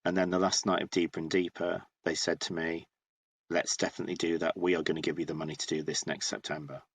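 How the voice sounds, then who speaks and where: A man of about fifty, speaking in a very deep register. He tells his story casually and with lively energy, often restarting his sentences. He sounds like a guest sharing an anecdote in an interview. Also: quick pace, husky, no room sound. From northeast England. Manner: animated, chatty, many restarts. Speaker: guest playwright.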